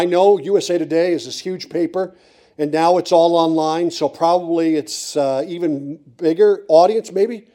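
A man's voice: high-pitched, warm tone. A middle-aged man from Pennsylvania preaching a sermon, telling a funny personal story and teasing the congregation with repeated suspenseful lines. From Pennsylvania, USA.

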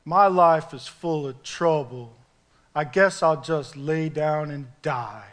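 A man doing a mopey, slow-drawling cartoon dog. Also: on the high side, pitched below the performer's own voice. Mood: gloomy. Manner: slow, flat, sad drawl.

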